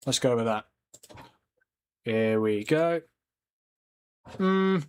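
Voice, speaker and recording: A young man hosting a casual football watchalong livestream, chatty and quick to laugh while talking to his chat. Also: mid-range voice, lively intonation, smooth. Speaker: livestream host.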